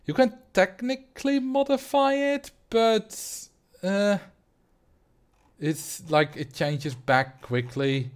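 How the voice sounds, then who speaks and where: A man's voice: high-pitched, slow, smooth. Rambling Dutch man streaming. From Netherlands. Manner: rambling, reads chat aloud and answers. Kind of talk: casual livestream chat.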